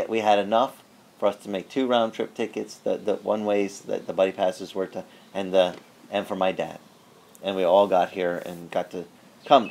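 A male pastor telling a story in a sermon, animated and conversational, acting out the people he quotes. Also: fairly low pitch. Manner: conversational with frequent restarts.

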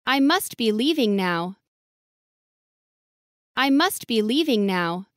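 A woman's voice: a little high, animated, takes it slowly, no echo, clean studio sound. A woman reading short English phrases for learners, enunciating each one carefully and saying it twice. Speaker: English model reader.

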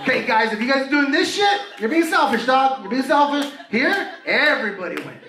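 Brief: high-voiced male stand-up, crude and animated, roomy club sound with a roaring crowd. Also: fairly quick, few pauses, far from the mic. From Southern California. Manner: crude, animated storytelling with acted-out reactions. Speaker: stand-up comedian. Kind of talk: stand-up comedy set. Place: comedy club stage. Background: audience laughter.

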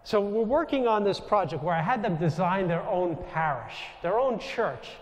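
A Jesuit priest with a New York accent tells stories to a live crowd, turning now and then to speak to people in the room. His voice sits a little high for a man. It carries a long reverb from a large hall. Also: moderate pace, slight background noise. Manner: animated anecdotal storytelling, asides to the audience. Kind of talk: storytelling talk to a live audience.

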